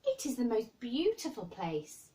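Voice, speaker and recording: A woman's voice: medium pitch, lively intonation, unhurried, recorded from a distance, pitched above the performer's own voice, lightly acted, poor audio. A woman reading aloud, voicing a bold, obstinate young girl. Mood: eager. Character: blunt, stubborn young girl.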